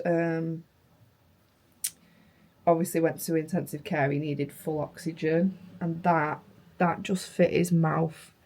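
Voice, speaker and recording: Woman, young adult, vlogger, hoarse from flu, dark low tone, gravelly, emotional, soft-spoken. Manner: emotional, soft and halting, trailing into near-whispers. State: unwell, hoarse from flu and tonsillitis. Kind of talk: casual vlog chat.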